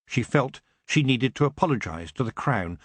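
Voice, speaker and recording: A man narrating an audiobook in an expressive, dramatic reading. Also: mid-range voice, normal speed, breathy edge, no echo.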